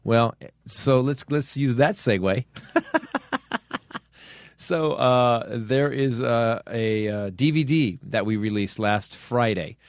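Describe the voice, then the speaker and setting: A man's voice: medium pitch, slow pace, dry recording, clean studio sound. A middle-aged man hosting a comedy podcast, swearing as he rants earnestly with many restarts. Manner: swears heavily, earnest angry rant with restarts. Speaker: podcast host. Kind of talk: comedy podcast chat and rant.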